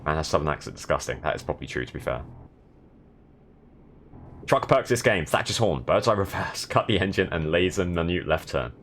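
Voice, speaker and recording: A man's voice: low-pitched, expressive, a little fast, fairly bright tone, slight background noise. A young man from the south of England chatting casually while streaming a driving game, with dry, sardonic commentary. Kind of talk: casual gaming stream chat.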